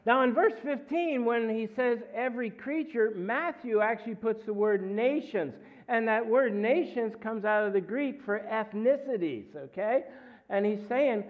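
A man preaching a guest sermon in a church, animated and full of jokes and asides as he tells stories. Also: extremely high pitch, a little slow. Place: church sanctuary. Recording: phone-like narrow sound.

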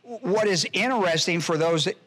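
Pastor, man, higher-pitched, teaching verse by verse with heavy emphasis and repetition. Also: normal speed, fairly bright tone. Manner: emphatic, repeats key phrases, spells out Greek words. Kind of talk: expository Bible teaching.

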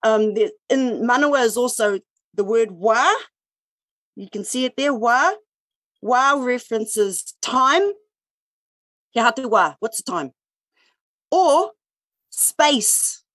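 A woman's voice: fairly high pitch, lively intonation, takes it slowly, pauses often, fairly bright tone, no room sound. A woman with a New Zealand accent, talking earnestly on a video call in a sharing circle, with many fillers and restarts. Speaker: indigenous speaker in a sharing circle. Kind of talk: casual online sharing circle talk.

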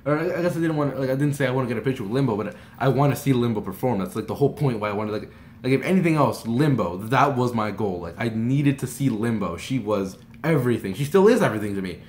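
A young man from Texas tells a story-time vlog in a rambling, animated way, full of "like" and false starts. His voice sits at an ordinary middle pitch. The room is roomy and echoey, with a faint hiss underneath. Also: fast. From Texas, USA. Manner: rambling and animated, heavy use of "like", frequent restarts. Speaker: vlogger. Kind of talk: excited story-time retelling.

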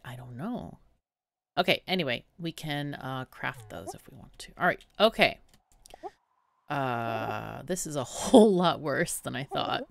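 A woman giving casual, bubbly gameplay commentary, thinking out loud and giggling often. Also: sits low, no echo. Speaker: let's play gamer.

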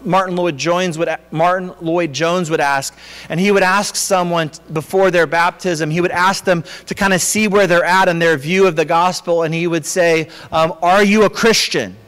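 In a church sanctuary where his voice trails off in long reverb, a pastor with a high voice preaches earnestly, occasionally restarting sentences and using filler in pauses. His intonation is fairly even and his tone is clean and fairly bright.

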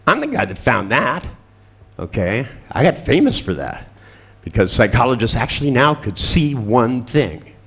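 A man's voice: mid-range voice, sing-song, moderate pace, a bit bright, slightly rough. A man giving a seminar talk, telling blunt, profane stories about therapy clients with wry humor. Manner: wry, laughs at his own stories. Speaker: seminar presenter on therapy and coaching. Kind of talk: storytelling seminar talk to a live audience.

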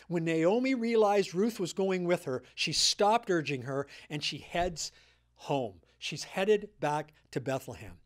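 A man's voice: sits high, animated, unhurried. Older guy guest preacher, earnest storyteller, says things twice so they stick. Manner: earnest storytelling, repeats key points. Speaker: guest speaker. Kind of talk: sermon.

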